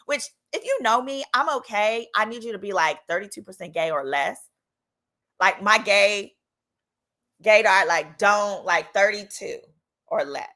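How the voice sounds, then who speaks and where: Bright, animated woman telling stories. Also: mid-range voice, measured pace. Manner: animated, playful, acts out quoted voices. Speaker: attorney and channel host. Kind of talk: casual comedic storytime.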